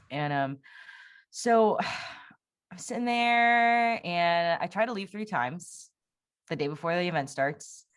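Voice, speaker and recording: A young woman, an interview guest, telling a personal testimony in a candid, rambling way, full of fillers and restarts. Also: low-pitched. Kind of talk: personal testimony in casual conversation.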